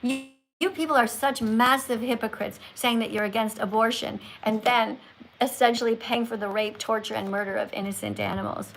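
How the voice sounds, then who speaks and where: A woman's voice: on the high side, fairly even intonation, normal speed, soft background music, low-quality recording. A woman hosting a livestream with callers, lecturing in a preachy, scolding teacher tone. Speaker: livestream host.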